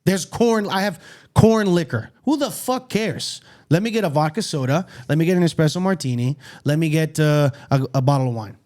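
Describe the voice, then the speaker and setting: Blunt, animated podcast co-host man. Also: fairly high pitch, normal speed. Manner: blunt, swears, animated storytelling. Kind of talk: casual chat. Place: studio.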